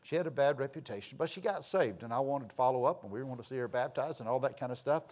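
A middle-aged man preaching a sermon, telling stories and swinging from loud to hushed. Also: medium pitch, fast. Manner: folksy, animated storytelling with sudden loud and soft swings. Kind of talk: sermon with storytelling.

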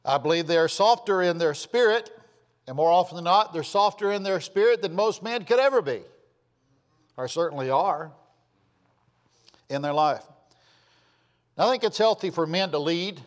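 A man preaching a sermon in an earnest, pleading way, his voice dropping softly at the ends of phrases. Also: high-pitched, animated, normal speed, pauses often, long reverb tail.

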